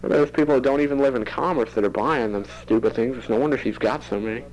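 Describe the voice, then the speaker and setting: A man's voice: mid-range voice, quick pace, darkish tone, slight background noise, poor audio. Give me a chatty teenage boy recording a cassette diary at home, laughing a lot and rambling along. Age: teens. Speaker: student keeping a tape diary. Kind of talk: rambling audio diary monologue.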